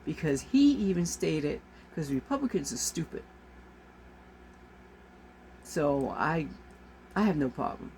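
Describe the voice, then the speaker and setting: A woman's voice: sits low, sing-song, slow, vocal fry, long pauses, a little mellow, a little hiss or hum. A woman vlogger delivers an exasperated, emphatic rant to camera, repeating her points for force. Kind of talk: ranting monologue to camera.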